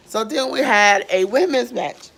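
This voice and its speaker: A woman's voice: on the high side, vocal fry, fairly bright tone, slightly rough. A young woman recapping events on her vlog, chatty and rambling with lots of fillers, her voice a bit strained. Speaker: vlogger.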